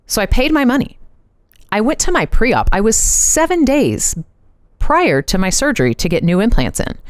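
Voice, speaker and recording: A woman's voice: a little high, big pitch swings, moderate pace, no echo. A woman in her thirties hosting a podcast, telling a personal story in a chatty way and acting out the quoted dialogue. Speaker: podcast host. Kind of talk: casual storytelling.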